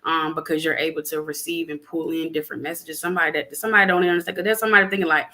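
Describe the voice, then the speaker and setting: Bright-voiced woman giving spiritual advice. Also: low voice, racing. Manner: animated, preachy, plainspoken with lots of fillers. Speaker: podcast guest. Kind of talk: casual spiritual chat.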